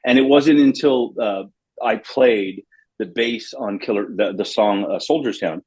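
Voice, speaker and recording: Middle-aged man from Los Angeles, husky voice, rambling anecdotes with lively acted quotes, casual interview guest. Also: lowish voice, measured pace. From Los Angeles, USA. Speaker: bass player, guest.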